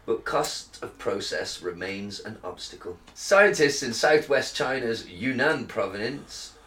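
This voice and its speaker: A man's voice: fairly low pitch, very animated, slow pace, bright, forceful tone. A man co-hosting a podcast, reading news aloud in a crude, joking way and slurring a little after a beer. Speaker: podcast co-host. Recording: roomy echo.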